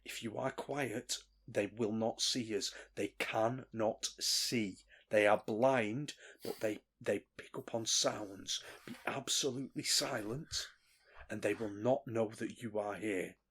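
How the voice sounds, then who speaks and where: A man voicing a male barbarian in a whispered role-play, speaking slowly to a captured goblin in a hushed, urgent voice. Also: lowish voice, slightly rough, exaggerated voice.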